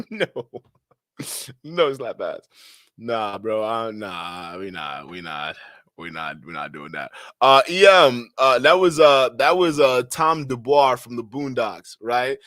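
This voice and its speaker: A man's voice: mid-range voice, lively intonation, unhurried, fairly bright tone, no room sound, clean studio sound. A man chatting casually on a stream, reading viewer comments and answering with loose slang, laughter and frequent restarts. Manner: slangy, laughing, repeats himself.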